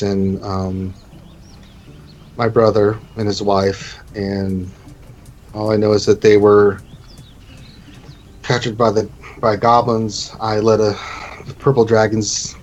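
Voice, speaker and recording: A man voicing a burly middle-aged innkeeper and former knight, gruff but kind, who speaks slowly in old-fashioned, heartfelt phrases. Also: fairly low pitch, darkish tone, lo-fi sound, slight background noise.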